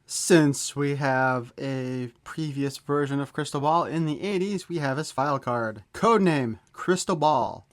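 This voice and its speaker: A man's voice: medium pitch, measured pace, few pauses. A man giving a casual, rambling toy unboxing review, joking around and swearing offhandedly.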